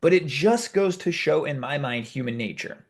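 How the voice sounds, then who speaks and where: A man hosting a video, telling a story in a casual, animated, conversational way. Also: a little high, normal speed. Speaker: video host. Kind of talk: casual talk to camera.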